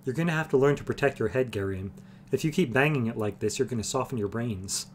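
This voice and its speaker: A man reading aloud, voicing a calm, firm motherly woman. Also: medium pitch, quick pace, a little hiss or hum, natural voice.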